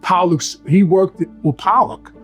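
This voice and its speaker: A man's voice: sits high, unhurried, soft background music. A man with a New York accent telling stories in casual, rambling talk and acting out the dialogue. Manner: rambling, acts out quoted dialogue. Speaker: guest telling his life story. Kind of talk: casual storytelling.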